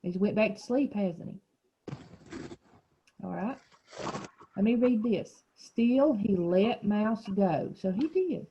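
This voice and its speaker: A woman's voice: medium pitch, lively intonation, slow pace, pauses often, lo-fi sound, slight background noise. A woman teacher leading a small reading group over a video call, asking questions and explaining words patiently.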